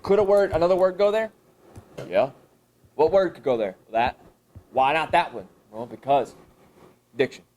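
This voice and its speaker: Moderately paced with frequent pauses, a man presents a professional development session to teachers in a high school room with an audience, against slight background noise. A camera records him as he reasons aloud, answers his own questions, and animatedly jumps in pitch to emphasize.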